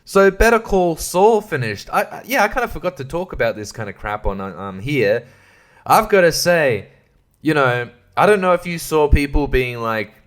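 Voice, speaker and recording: Man, solo podcast host, profane and irreverent rant, slightly higher voice. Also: animated, moderate pace. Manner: profane, irreverent, laughs mid-sentence.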